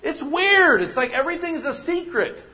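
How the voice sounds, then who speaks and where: A man preaches a sermon in a high, lively voice that climbs and drops all over. He jokes with the congregation and slips into little acted voices for the people he quotes. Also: moderate pace. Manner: animated, joking, acts out voices of people he quotes. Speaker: pastor.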